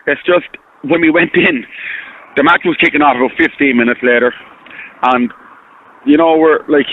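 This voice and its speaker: A man with an Irish accent calling in to a radio show, telling his story in a rambling, earnest way and repeating himself. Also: mid-range voice. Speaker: caller. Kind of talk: phone-in radio call. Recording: tinny phone line.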